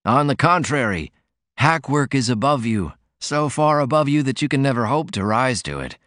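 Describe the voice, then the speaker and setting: A man's voice: mid-range voice, sing-song, normal speed, fairly bright tone, dry recording, clean studio sound, voice pushed up. A man voicing a sickly, sardonic man with a mocking, cutting way of talking.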